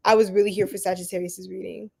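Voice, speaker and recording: A young adult woman hosting a tarot reading livestream, chatting casually with viewers in an animated, slangy way and laughing often. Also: medium pitch, fast, creaky, husky. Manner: animated, laughing, preachy slang-filled asides. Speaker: tarot reader livestream host.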